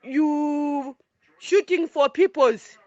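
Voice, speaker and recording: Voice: sits high, extremely slow, dry recording. A foreign resident giving an impassioned monologue in broken English, repeating points emphatically. The recording is dull and lo-fi.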